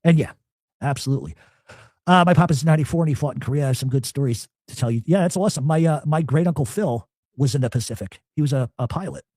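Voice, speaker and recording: A man's voice: on the high side, fast talker, dry recording, studio quality. A man telling a long, profane family story in casual talk, animatedly acting out what people said. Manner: profane, animated, acts out quotes.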